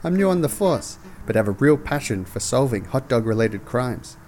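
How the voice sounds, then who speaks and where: A man's voice: mid-range voice, normal speed, a little hiss or hum, lightly acted. A man doing an eager young rookie cop. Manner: earnest, excitable, flustered.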